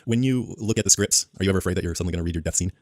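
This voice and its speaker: A man hosting a podcast, relaxed and joking, with fillers and quick laughs as he asks his questions. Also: sits low, no room sound. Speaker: podcast host. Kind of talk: casual podcast interview.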